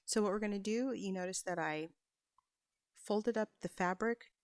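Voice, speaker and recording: A woman's voice: mid-range voice, normal speed, no echo, rough recording. A woman giving a patient, step-by-step sewing tutorial as a voice-over, with small asides as she works. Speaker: quilting instructor.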